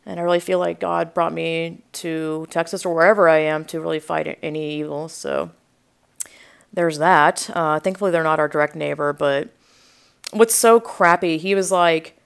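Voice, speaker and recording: A young woman podcast host telling a story in a rambling, animated way, full of asides and quoted reactions, with a sore throat. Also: low-pitched, moderate pace, gravelly, smooth. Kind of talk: casual storytelling.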